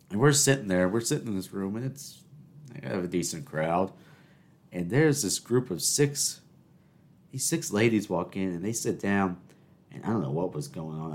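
A man hosting a solo podcast, rambling through stories and scolding himself by name, with lots of stammered repeats. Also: on the low side. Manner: talks to himself in the second person, animated storytelling with repeated "I, I". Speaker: podcast host.

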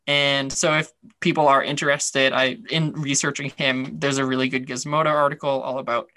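Bright-voiced man, chatty podcast host. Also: mid-range voice, flat delivery, normal speed, no room sound. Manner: chatty, rambling, many fillers. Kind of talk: casual chat.

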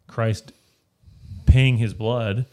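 A man's voice: medium pitch, fairly even intonation, drawn-out words, a little mellow. A man leading a casual Bible study, explaining a passage step by step and often checking in with "right?". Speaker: Bible teacher.

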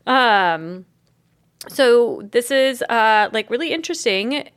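A woman's voice: on the high side, expressive, slow pace, fairly bright tone, smooth. A woman co-hosting a podcast, telling a story in casual chat, with lots of "like" and "um" and the odd swear. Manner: rambling storyteller, heavy on fillers and "like". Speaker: podcast co-host.

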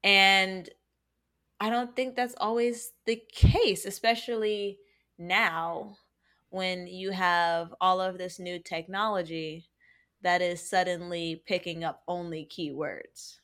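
A woman co-hosting a podcast in casual chat, animated and joking, often checking in with "right?". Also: on the low side, takes it slowly. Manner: animated and joking, with many tag questions. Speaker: podcast co-host.

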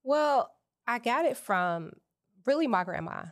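A woman's voice: a little high, expressive, measured pace, no room sound. Woman guest on a podcast, earnest, lots of ums and likes, dry close mic. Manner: reflective, earnest, many fillers. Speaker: entrepreneur and author, guest. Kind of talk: casual podcast interview.

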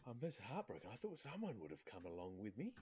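A man hosting a casual podcast chat, playful and quick to laugh. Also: lowish voice, wildly swooping pitch, dark tone, slight background noise. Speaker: podcast host.

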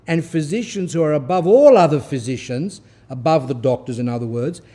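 A man giving a sermon, reading a text aloud in a stern, forceful way and stopping to explain it in asides. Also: a little high, husky. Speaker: Orthodox priest giving a talk.

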